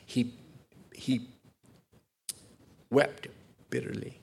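A middle-aged pastor preaches a sermon in a church, speaking warmly and conversationally to the congregation, often repeating words and slipping in short Spanish phrases. His mid-range voice is husky with vocal fry, animated but a little slow.

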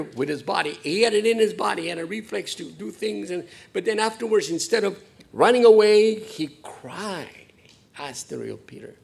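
A middle-aged man preaching a sermon in a church, conversational and warm to the congregation, often repeating words and dropping in short Spanish phrases. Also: a little high, creaky, husky. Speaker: pastor.

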